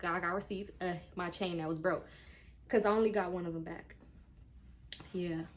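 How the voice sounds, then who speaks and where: A woman's voice: fairly low pitch, normal speed. A woman in her twenties telling a personal story to her viewers in a casual, frank way. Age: 20s. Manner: animated retelling that acts out quoted speech; frank and conversational, speaking to viewers directly. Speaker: vlogger.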